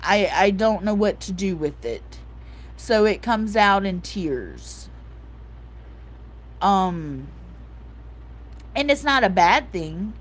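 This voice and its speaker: A woman in her forties talks slowly and openly to her live chat, leaning on "like" and "um" as she goes. She comes across as soft-hearted and emotional, and now and then she stops to read out and answer a viewer's comment. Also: mid-range voice, expressive. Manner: repeats herself, fillers like "like" and "um". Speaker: livestream host. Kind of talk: casual live-chat talk.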